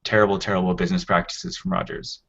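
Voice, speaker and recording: A man with a lowish voice co-hosts a tech podcast in a casual, rambling way, often restarting his sentences as he explains. The audio sounds dull and lo-fi. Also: little pitch movement, fast talker, creaky, a bit bright. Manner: explains at length with many restarts. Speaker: podcast co-host. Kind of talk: casual chat.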